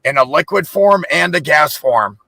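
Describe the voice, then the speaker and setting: A man co-hosting a casual video call chat, excitable and stammering on the first words of his sentences. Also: fairly high pitch, normal speed, gravelly, dry recording. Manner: excitable, stammers on word starts.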